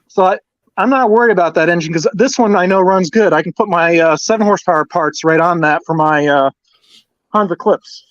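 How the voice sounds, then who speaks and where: A man's voice: high voice, brisk, a bit bright, no echo. A man hosting a casual live stream from his home garage, methodically going through his engines one by one. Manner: methodical, steadily lists parts. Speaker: host showing his small-engine collection. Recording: dull, dry lo-fi sound.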